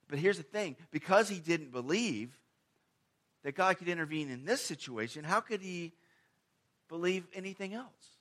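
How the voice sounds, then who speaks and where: A man preaching a sermon in a conversational, emphatic way, firing off rhetorical questions and moving between loud stressed phrases and quiet asides. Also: fairly high pitch, expressive, moderate pace.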